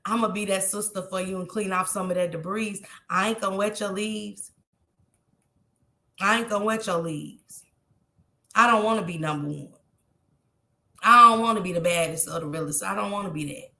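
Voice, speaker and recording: A woman's voice: mid-range voice, normal speed, long pauses, pushed and bright, reverberant. A tearful woman, talking heartfelt and repetitive to her viewers on a live stream.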